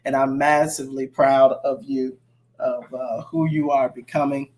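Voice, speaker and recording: A man's voice: medium pitch, level tone, unhurried. A man, a pastor, encouraging a member of his congregation during a church livestream. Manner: warm encouraging affirmations. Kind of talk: casual church livestream talk.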